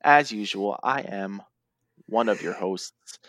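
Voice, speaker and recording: A man's voice: lowish voice, takes it slowly, a bit bright, dry recording, clean studio sound. Tired, joking male podcast host. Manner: playful, jokey, rambling with fillers. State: yawning, tired. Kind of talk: casual wrestling recap podcast.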